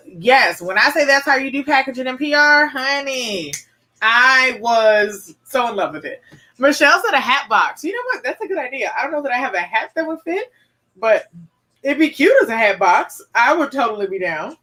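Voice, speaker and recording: A woman's voice: high voice, expressive, normal speed, pushed and bright. A woman hosting a live wine show, chatting in an upbeat way and reading out viewer comments. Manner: chatty and upbeat, reads viewer comments aloud, often says "y'all" and "honey". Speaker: host and wine reviewer. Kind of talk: live-stream chat with viewers.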